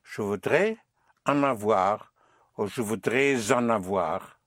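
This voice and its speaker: A man's voice: fairly low pitch, slow, a bit bright, dry recording, clean studio sound. A man teaching a language lesson, patiently prompting and repeating phrases.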